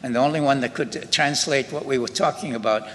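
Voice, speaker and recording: An older man with a Scottish accent, giving slow, halting spoken testimony to an audience in a synagogue hall. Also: medium pitch, a bit bright. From Scotland. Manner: slow, halting storytelling with many pauses and restarts. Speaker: Holocaust survivor giving testimony. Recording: reverberant hall with faint ambient noise.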